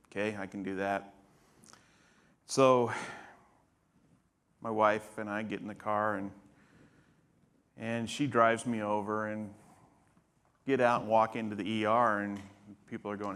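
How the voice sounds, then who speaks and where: Lower-voiced man in his fifties telling a story. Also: steady tone, measured pace, pauses often, a bit bright, clear, resonant tone. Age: 50s. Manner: casual, humorous, acts out others' lines in dialogue. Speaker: patient guest. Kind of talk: storytelling on stage. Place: conference stage.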